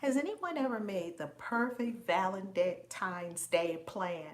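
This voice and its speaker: A woman with a medium-pitched voice speaks slowly while hosting a live stream as a spiritual teacher. Her talk is casual and animated, full of laughter and shout-outs to viewers by name.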